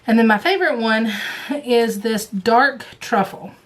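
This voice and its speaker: A chatty woman with a Southern US accent, her voice sitting a touch high, rambles happily through her thread haul in a casual home video. She drifts into hushed near-whispers when leaning in to show a color, then comes back up to her easy chatting tone. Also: measured pace. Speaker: cross-stitch vlogger. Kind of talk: casual chat.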